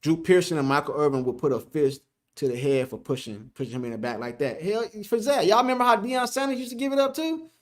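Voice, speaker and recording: A man's voice: fairly high pitch, expressive, fast. A man hosting a casual sports live stream, reading the chat aloud, joking, laughing and repeating himself.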